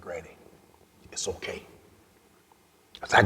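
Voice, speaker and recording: Deep-voiced man telling a moving story. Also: normal speed, pauses often. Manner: emotional, swings from loud to hushed whispers. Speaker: guest speaker. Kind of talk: personal storytelling speech. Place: large event hall. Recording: long reverb of a large hall.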